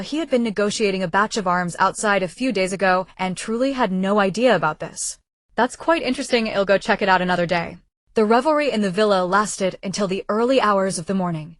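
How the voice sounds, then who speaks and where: A woman reads a web-novel audiobook at a steady, even pace. Her voice sits in a middle pitch and is recorded close, dry and without room echo. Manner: even, steady reading of a translated web novel, with slips in pronouns. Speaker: narrator. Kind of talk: scripted audiobook narration.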